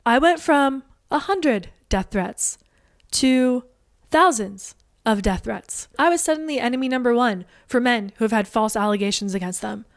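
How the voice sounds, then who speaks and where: Indignant woman telling her side. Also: on the high side. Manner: indignant, blunt, quick to act out quoted voices. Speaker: online commentator. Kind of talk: direct-to-camera storytelling.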